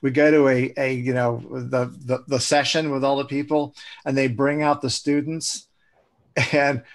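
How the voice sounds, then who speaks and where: A middle-aged man chatting casually, telling anecdotes in halting, restarting phrases and offering blunt feedback on a demo. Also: medium pitch, little pitch movement. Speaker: colleague giving feedback on a sales demo. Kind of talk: casual chat.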